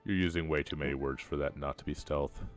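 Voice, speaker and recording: Very deep-voiced man, wry and teasing. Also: fairly even intonation, quick pace, faint music behind. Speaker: tabletop player. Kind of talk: casual in-character play.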